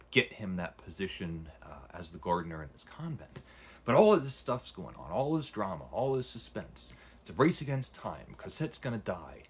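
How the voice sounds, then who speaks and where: A man's voice: sits low, breathy edge. A man casually retelling and reviewing a long novel, rambling with frequent restarts. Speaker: book reviewer. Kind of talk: casual book review vlog.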